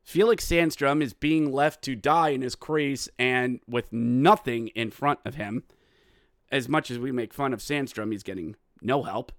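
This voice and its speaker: A young adult man hosting a solo hockey podcast, mixing excited play-by-play goal calls with sardonic commentary. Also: medium pitch, measured pace, no echo, studio quality. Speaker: podcast host.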